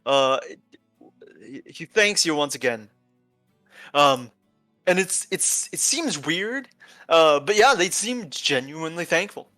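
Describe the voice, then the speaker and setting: A man narrating a tabletop game as game master, halting with many fillers and restarts. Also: fairly high pitch, animated, bright, forceful tone, no echo, faint music behind.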